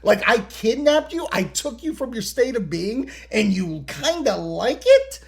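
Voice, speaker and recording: A man talks through a TV episode on his podcast, loose and profane, slipping into quick voices for the characters. His pitch swings widely as he gets worked up, and the whole thing has an easygoing, chatty feel. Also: sing-song, gravelly. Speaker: podcast host. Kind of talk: casual episode recap.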